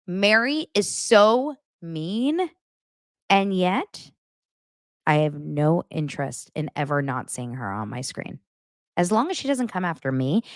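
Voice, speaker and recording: A woman's voice: sits low, dry recording, clean studio sound. A woman hosting a podcast, chatting casually and expressively as she recaps reality TV and acts out the cast's lines. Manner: gossipy and expressive, acts out quotes. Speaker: podcast host.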